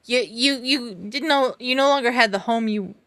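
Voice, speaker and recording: A woman co-hosting a podcast, chatting through a TV episode recap on a video call and filling pauses with ums. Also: a little high, a bit bright, dry recording. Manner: chatty, retells scenes with filler ums. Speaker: podcast co-host. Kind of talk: casual recap chat.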